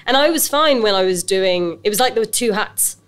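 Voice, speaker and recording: In a clean, mid-range voice and at a slightly fast clip, a British actress and business owner shares her story as an interview guest. The conversation is casual, and her telling is animated and chatty, with many fillers and restarts.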